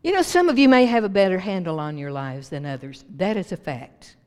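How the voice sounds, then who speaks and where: A woman's voice: on the low side, expressive, fairly quick, a little mellow, clear, resonant tone. A woman pastor preaching a folksy sermon to her congregation, laughing often and leading them in call-and-response. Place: church sanctuary. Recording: long hall reverb.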